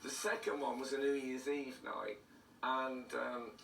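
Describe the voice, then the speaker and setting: A man's voice: mid-range voice, unhurried, gravelly, fairly bright tone, slight background noise. A man, a comedian telling dry, self-mocking stories in a casual interview, his voice throaty. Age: 60s. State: throaty, hoarse. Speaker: comedian guest. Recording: roomy studio heard from a distance.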